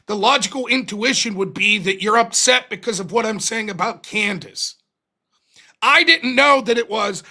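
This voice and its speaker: A man hosting a live call-in stream, talking casually and animatedly, often sounding exasperated and mocking. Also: high voice. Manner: animated, exasperated, quick to mock. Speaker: livestream host.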